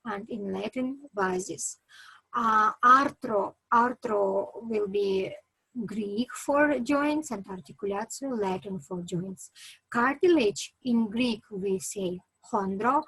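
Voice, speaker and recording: Slow, husky-voiced woman lecturer with a Kyrgyz accent. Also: mid-range voice, fairly bright tone, dry recording, low-quality recording. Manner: slow and halting, many "uh" fillers, lists terms. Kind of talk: reading a terminology lesson.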